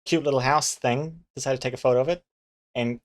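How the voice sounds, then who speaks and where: A man's voice: medium pitch, steady tone, fairly quick. A man, chatting casually on a live stream and telling rambling anecdotes with chuckles and fillers. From New Zealand.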